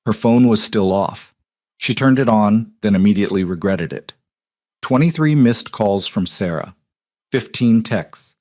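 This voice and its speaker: A man narrating a romance audiobook in calm, measured scripted narration. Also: on the low side, no room sound, clean studio sound.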